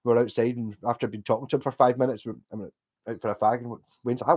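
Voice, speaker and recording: The Glasgow livestream host, a middle-aged man from Scotland, chats quickly in a mid-range voice with a breathy edge. He reads out chat and wanders from topic to topic, sweary and heavy on fillers.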